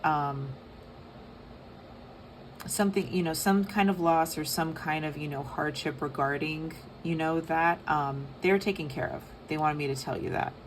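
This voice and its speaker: A young woman giving a casual tarot reading, soft and rambling with many fillers. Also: deep voice, steady tone, measured pace, slight background noise. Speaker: tarot reader.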